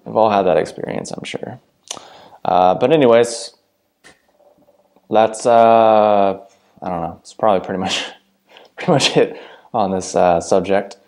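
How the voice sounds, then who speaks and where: A man's voice: lowish voice, a little slow, pauses often, darkish tone. A man talking to camera in a meandering, blunt, profane solo monologue with many fillers. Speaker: video host.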